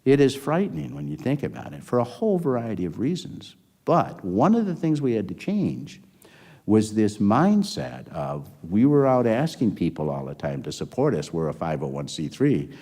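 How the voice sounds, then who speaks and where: A man's voice: on the low side, sing-song, moderate pace, mellow. An older man, a former health system executive, telling a long story in an interview, rambling and acting out the dialogue. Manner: rambling anecdotal, acts out quoted dialogue.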